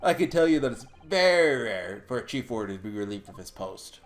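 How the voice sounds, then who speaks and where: A let's player voicing a gruff older Scottish prison governor, reading game dialogue in a slow, low, halting put-on brogue. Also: big pitch swings, faint music behind, lightly acted. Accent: attempted Scottish.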